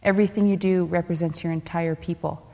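A woman tells a personal story on a panel in a candid, animated way. Her voice sits a little low. The sound carries a long reverb from a large hall. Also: fast. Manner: candid, laughing, acts out quoted voices. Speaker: panelist, former elite athlete.

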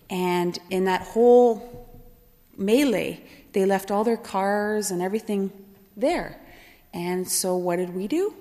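A woman telling a personal story in a long-reverb hall, with a voice of ordinary pitch. She talks in a lively way, often laughing and playing out what other people said. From Kahnawake Mohawk community, Quebec, Canada. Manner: animated, laughing at her own story, voices others in dialogue. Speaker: storyteller recalling her youth.

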